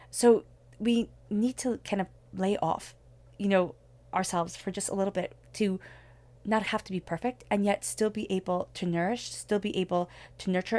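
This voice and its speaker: A woman's voice: medium pitch, a little mellow. A woman giving a spoken tarot reading, talking in an earnest, reflective way as she offers spiritual guidance. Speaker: tarot reader.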